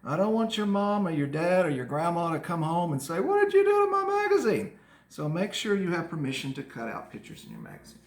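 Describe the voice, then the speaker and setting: Chatty gravelly man teaching kids art. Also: a little high, brisk, few pauses, reverberant. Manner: chatty, animated, talks kids through each step. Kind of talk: casual art lesson demonstration for kids.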